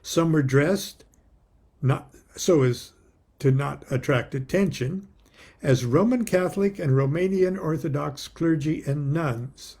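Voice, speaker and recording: Wry male author reading aloud; husky, mellow, slow-paced, chuckles between lines. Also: on the high side. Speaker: author reading his own book. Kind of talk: reading aloud with personal asides.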